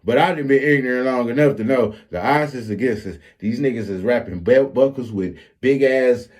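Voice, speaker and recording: A man with a Flint, Michigan accent telling a street story in a casual, animated and profane vlog monologue. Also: mid-range voice, normal speed. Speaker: storyteller vlogger.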